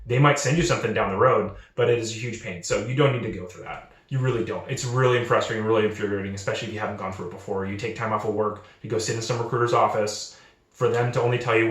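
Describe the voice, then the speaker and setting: A man's voice: lowish voice, fast talker, reverberant. A young man giving casual advice to junior developers, earnest, often repeating and restarting his words. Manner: acts out quoted recruiters in lively voices. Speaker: channel host.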